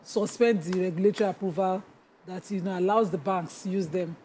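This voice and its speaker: A woman's voice: on the low side, steady tone, a little fast, warm tone, a little hiss or hum, rough recording. A Nigerian woman co-hosting a morning TV show, chatty and hesitant with fillers as she discusses news. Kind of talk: breakfast TV news chat.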